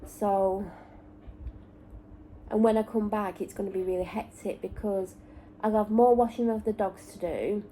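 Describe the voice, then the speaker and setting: A woman's voice: mid-range voice, fairly even intonation, measured pace, warm tone, a little hiss or hum, low-quality recording. A woman from North West England with a Lancashire accent and traces of Manchester, chatting candidly and rambling in a casual vlog from a parked car. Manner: rambling, candid, self-correcting. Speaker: vlogger. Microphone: camera or phone in the car.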